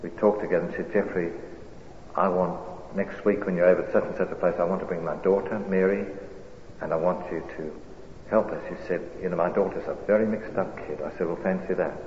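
A man preaching a sermon, telling a story with animated, swelling delivery. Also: sits low, brisk. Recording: echoey hall, dull lo-fi sound, faint hiss.

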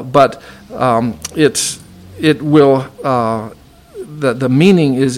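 A male preacher explaining scripture in a loose, unscripted sermon. He stops and restarts often, leans on fillers, then slows right down to stretch out the words he wants to stress. His voice sits at an ordinary middle pitch for a man. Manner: halting, many fillers and restarts, stretches key words slowly. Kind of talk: sermon, Bible teaching.

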